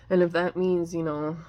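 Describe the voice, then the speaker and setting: A woman's voice: lowish voice, dark tone. A woman giving a casual tarot reading, rambling with many fillers and restarts and often apologizing. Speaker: tarot reader.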